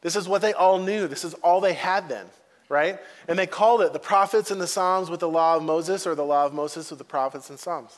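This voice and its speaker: A male pastor preaching a sermon in a casual, conversational way, acting out quotes in lively voices. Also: high-pitched, fairly quick. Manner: animated, acts out quotes in varied voices.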